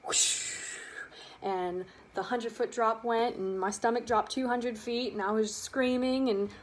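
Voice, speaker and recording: A young adult woman telling a personal childhood story, lively and animated, acting out the quotes. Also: fairly high pitch, moderate pace. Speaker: student storyteller.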